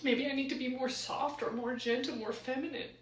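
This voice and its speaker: A crying woman with a high voice talks through her feelings in a self-questioning, emotional way. She sounds a little distant from the mic, and the room rings with echo. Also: fairly even intonation, fairly quick. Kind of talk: tearful confessional video.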